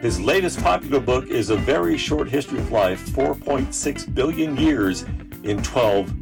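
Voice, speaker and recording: A man co-hosting a casual podcast chat, excitable and jokey, from Canada. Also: medium pitch, normal speed, gravelly, music in the background. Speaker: podcast co-host.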